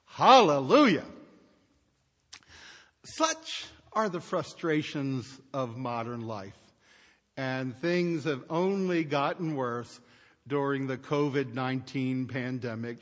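A man's voice: mid-range voice, fairly bright tone, in a large hall. A male pastor giving a sermon, telling an everyday story with wry, exasperated rhetorical questions.

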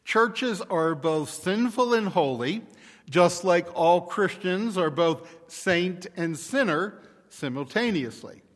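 A male pastor preaching a sermon in a deliberate, measured way. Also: sits high, lively intonation, a bit bright, long reverb tail.

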